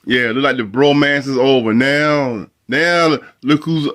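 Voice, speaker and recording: A man's voice: mid-range voice, unhurried, fairly bright tone. A man hosting a casual political commentary video, mocking and laughing often. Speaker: video host.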